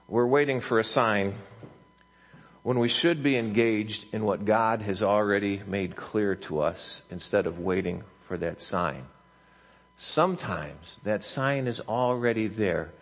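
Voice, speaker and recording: A man preaching a sermon as a pastor, telling a story in a halting way with many restarts and fillers. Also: lowish voice. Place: church sanctuary.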